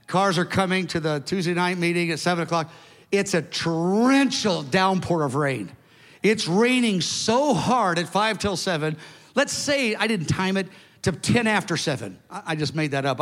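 A man in his seventies preaching a sermon to his church, telling a story in an animated, emphatic way with conversational asides. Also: high voice. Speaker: pastor. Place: large church hall. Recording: long hall reverb.

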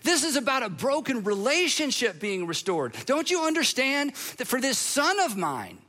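A man's voice: very high-pitched, very animated, normal speed, bright, forceful tone, voice pushed up, heavily acted. A man voicing an overjoyed, tender father who urgently orders his son restored, speaking with emphatic commands. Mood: insistent.

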